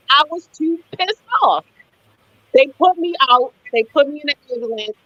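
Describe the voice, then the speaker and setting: A woman guest telling her story in a live interview, animated, blunt and profane. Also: high-pitched, moderate pace, no room sound, lo-fi sound.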